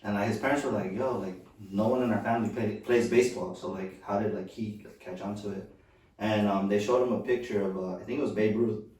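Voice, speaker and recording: A man's voice: fairly low pitch, fairly even intonation, a little fast, darkish tone. Profane, laid-back man in an echoey room. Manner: loose, profane, says "bro" a lot. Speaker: podcast co-host. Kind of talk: casual chat, storytelling. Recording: echoey room, far from the mic.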